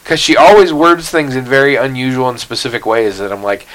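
A man's voice: medium pitch, expressive, brisk, fairly bright tone, rough recording. A man hosting a casual podcast, rambling and sarcastic, swearing freely and laughing at his own jokes. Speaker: podcast host.

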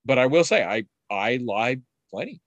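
A middle-aged man in casual conversation, telling rambling stories with frequent restarts and animated quoted voices. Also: medium pitch, normal speed, no room sound, highs cut off. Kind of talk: casual chat.

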